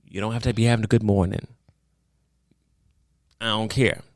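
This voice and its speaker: A man's voice: fairly low pitch, moderate pace, no room sound, studio quality. A man co-hosting a casual podcast chat, blunt and theatrical, acting out his reactions and swearing freely. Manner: animated, theatrical storytelling with acted-out reactions. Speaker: podcast co-host.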